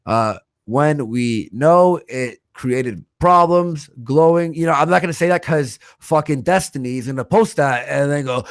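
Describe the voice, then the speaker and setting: A man's voice: a little high, no echo, studio quality. A man hosting a livestream, chatting casually, ranting with lots of swearing and reading out viewer messages. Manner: animated, profane, quick to rant. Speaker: livestream host.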